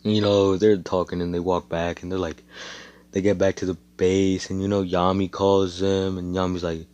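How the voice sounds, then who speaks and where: Deep-voiced young man telling a rambling, profane fan story. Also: little pitch movement, moderate pace, a little mellow, no room sound, lo-fi sound. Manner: rambling, profane, laid-back, frequent fillers and asides. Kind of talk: casual improvised fan-story narration.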